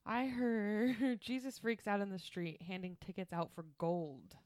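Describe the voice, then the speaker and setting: A woman's voice: mid-range voice, steady tone, a little slow, darkish tone, dry recording. A woman co-hosting a podcast, chatting casually and giggling as she talks through misheard song lyrics. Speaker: podcast co-host.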